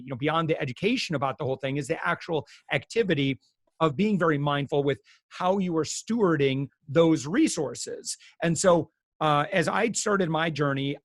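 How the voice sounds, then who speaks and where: An animated American man with a voice on the higher end of the male range speaks as a guest consumer expert. His casual explanations are loose and chatty, full of fillers and restarts, and he acts out quotes. The recording is very dry and close, with no sense of the room.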